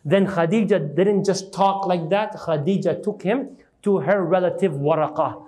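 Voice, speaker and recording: A man's voice: normal speed, warm tone. A man teaching an Islamic lecture, retelling a story dramatically and asking the audience questions. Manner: dramatic retelling, acting out quoted speech with rising pitch. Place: mosque lecture hall.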